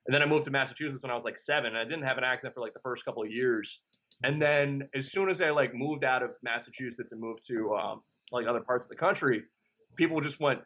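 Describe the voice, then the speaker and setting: Bright rambling young man. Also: medium pitch, quick pace, highs cut off. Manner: rambling, self-deprecating, joking. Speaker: podcast host. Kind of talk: casual podcast chat.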